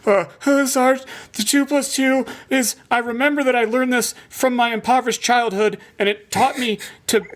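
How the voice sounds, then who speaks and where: A man's voice: extremely high pitch, fairly even intonation, normal speed, few pauses, a bit bright, voice pushed up. A man putting on the voice of a flustered male trainee who stammers and rambles off topic.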